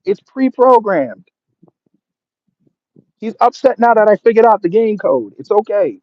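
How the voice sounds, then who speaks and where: A man's voice: high voice, sing-song, measured pace, pauses often, no room sound. A man of Jamaican background hosting a livestream, reading out chat comments and answering them with sarcasm and laughter. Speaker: livestream host. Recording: dull lo-fi stream audio.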